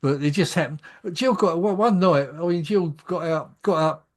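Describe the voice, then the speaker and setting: A man's voice: on the high side, moderate pace. A man hosting a casual chat, conversational and hesitant, with many fillers. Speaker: radio host.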